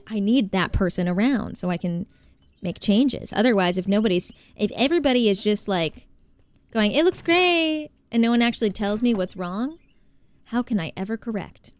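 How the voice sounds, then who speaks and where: A New Jersey woman with a local accent and a medium-pitched, slightly mellow voice, recorded with no echo. She plays a game on a live stream, chatting casually, reading the chat aloud, and greeting viewers.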